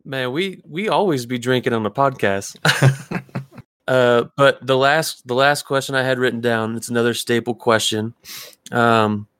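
A man hosting a casual podcast interview, relaxed and hesitant, with many fillers. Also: mid-range voice, a little slow, smooth, no echo, clean studio sound. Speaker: podcast host.

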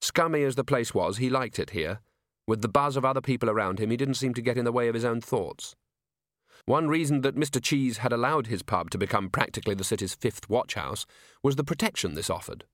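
A man reading a comic novel as an audiobook in wry, expressive storytelling narration. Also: medium pitch, fairly quick, dry recording, clean studio sound.

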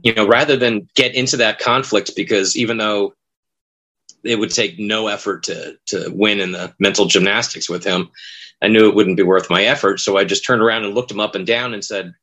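A man's voice: fairly low pitch, fairly even intonation, fairly quick, a bit bright, dull audio. A man who works as a haunted attraction actor, telling stories in casual chat and acting out what people said. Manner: rambling storyteller, acts out quoted lines.

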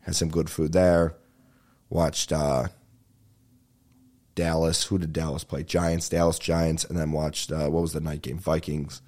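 A young man hosting a podcast, rambling in casual chat, swearing freely and talking fast. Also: rumbling low, little pitch movement, darkish tone. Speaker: podcast host.

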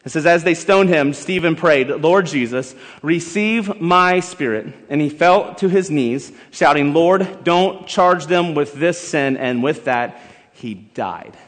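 High-voiced man preaching in a reverberant hall. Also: expressive, takes it slowly. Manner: emphatic, rising to shouted exhortation, leads the congregation in song. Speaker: pastor. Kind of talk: sermon. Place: church sanctuary. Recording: long hall reverb with faint music.

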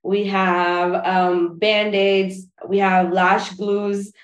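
Woman wedding planner, casual guest chat, mid pitch, roomy echo, loose and relaxed with plenty of "uh" and "like". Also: extremely slow. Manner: relaxed, frequent fillers and restarts.

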